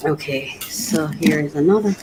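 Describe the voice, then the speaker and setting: A woman's voice: low-pitched, normal speed, very noisy. A woman hosting a casual unboxing vlog, emotional and confiding as she talks. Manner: emotional, gushing, exclaims and laughs often; reflective, confiding. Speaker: vlog host.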